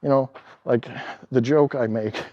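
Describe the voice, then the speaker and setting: A man in a casual vlog monologue, talking in an animated, exasperated way, acting out quoted exchanges and laughing often. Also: medium pitch, measured pace, dry recording, highs cut off. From Canada. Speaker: travel vlogger.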